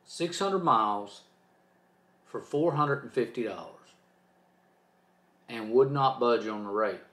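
A man's voice: mid-range voice, expressive, takes it slowly, fairly bright tone, roomy sound. A man hosting his own trucking channel, talking off the cuff in a fired-up, preachy, emphatic way. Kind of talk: off-the-cuff vlog rant.

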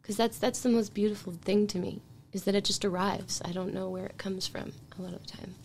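A woman's voice: mid-range voice, steady tone, brisk, gravelly, a little mellow, a little hiss or hum. Chatty Canadian woman, reflective songwriter guest. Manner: chatty and reflective, with frequent light laughs. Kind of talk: casual podcast interview.

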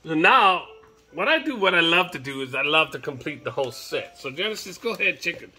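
A middle-aged man from Hawaii with a Hawaiian Pidgin accent, chatting playfully in a home vlog while his daughter films, bursting into shouts and laughter. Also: on the high side, lively intonation, fairly quick, breathy edge, faint music behind. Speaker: vlogger. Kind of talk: casual vlog. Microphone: camera held by his daughter.

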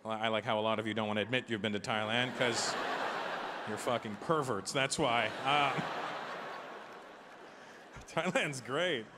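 A man in his forties performing a stand-up comedy set, talking animatedly and acting out characters in quick bits. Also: mid-range voice, very noisy. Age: 40s. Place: large theater with a live audience.

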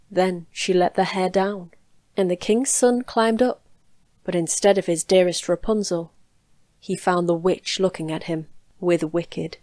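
A woman reading a fairy tale aloud in a calm, measured storytelling voice, recorded in a home studio. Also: fairly low pitch, dry recording.

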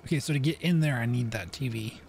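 A young man hosting a gaming channel, commenting aloud as he plays, shifting between flat calm remarks and alarmed bursts. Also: medium pitch, quick pace, gravelly, slight background noise. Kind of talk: let's play commentary.

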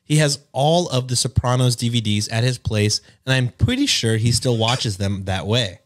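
A man's voice: medium pitch, moderate pace. A man co-hosting a show, reading a post aloud with laughs and jokey asides. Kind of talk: casual reading and reacting.

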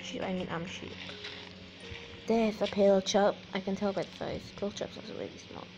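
A woman's voice: mid-range voice, steady tone, moderate pace, darkish tone, muffled recording. A woman hosting a casual let's-play, chatty and jokey with rambling asides, music mixed under her voice. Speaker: gaming channel host.

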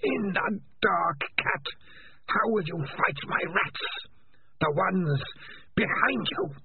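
Man doing a sinister alien rat-mind, high mocking voice, slow drawn-out words, husky, lo-fi phone-like sound. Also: lively intonation, no room sound, exaggerated voice. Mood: taunting menace.

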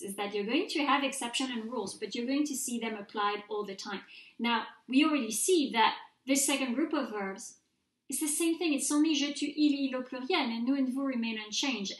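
A woman giving a recorded grammar lesson with a slightly high voice. She speaks clearly and patiently, sounding words out slowly for learners to repeat. The room adds a noticeable echo. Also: fairly bright tone. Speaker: French teacher. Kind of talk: recorded grammar mini-lecture. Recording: roomy echo.

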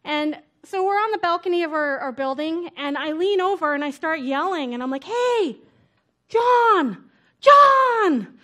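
A woman speaker at a conference, telling her story in a relaxed, chatty way full of "like" and "right?". Her voice sits noticeably high. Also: brisk, few pauses. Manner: casual, chatty, lots of "like" and "right?". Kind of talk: conference talk. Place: conference stage before an audience.

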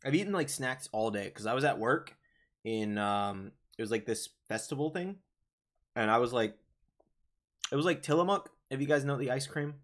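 A man's voice: medium pitch, lively intonation, normal speed. A young man hosting a livestream, chatting casually and rambling through viewer comments with lots of fillers and restarts, his voice a little worn from talking. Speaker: livestream host. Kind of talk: casual live chat reading viewer comments.

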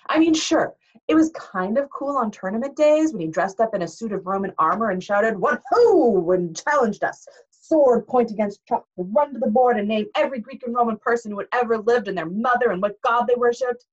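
A teacher reading a novel aloud to a class in an expressive, animated way. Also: female voice, on the high side, brisk. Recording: dull lo-fi recording.

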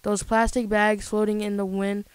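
A woman's voice: mid-range voice, flat delivery, normal speed, clear, resonant tone, dry recording, natural voice, rough recording. A woman voicing an earnest, eager little frog boy in a children's storybook.

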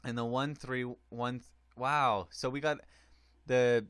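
Man, gaming commentator, excitable and rambling, smooth dry close voice. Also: medium pitch, slow pace, no echo. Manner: excitable, rambling, with frequent fillers. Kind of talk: casual hockey game commentary.

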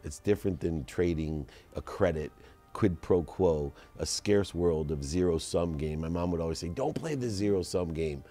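A deep, warm-toned man speaks in a relaxed podcast conversation. He tells stories and leans on his advice by slowing down and stressing each point. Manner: storytelling, slows down to stress advice. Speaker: guest entrepreneur.

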